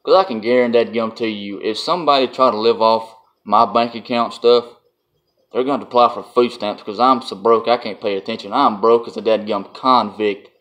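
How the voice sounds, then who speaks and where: A man's voice: on the low side, fairly even intonation, moderate pace, a bit bright. A man, telling a casual vlog story in a blunt, folksy way and laughing often. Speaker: vlogger.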